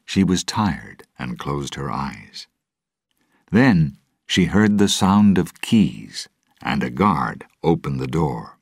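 Male storybook narrator, very deep and husky, slow and expressive, dry close recording. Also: dry recording. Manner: measured, dramatic reading.

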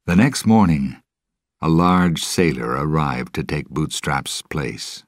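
A man reading a storybook chapter aloud in a measured, deliberate way. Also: extremely low pitch, lively intonation, dry recording, clean studio sound. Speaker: narrator.

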